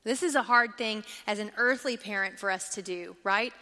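A woman's voice: mid-range voice, moderate pace, bright, forceful tone, long reverb tail. A woman teaching a Bible study class, reading scripture aloud and asking the group questions as she goes. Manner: engaging, asks the class questions.

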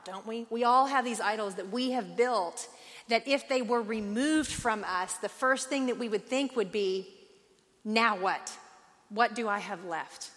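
A woman in her forties teaching a Bible study, lively and conversational, acting out the voices she quotes. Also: on the high side, big-room sound.

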